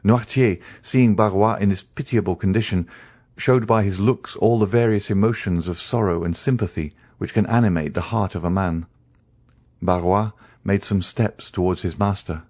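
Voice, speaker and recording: A man narrating an audiobook in an even, measured reading. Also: sits low, no echo, studio quality.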